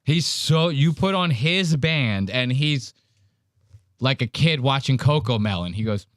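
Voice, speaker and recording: A man's voice: mid-range voice, expressive, measured pace, no echo, clean studio sound. A man hosting a podcast, reacting to a clip in a casual, profane way and mimicking the people in it. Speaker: podcast host.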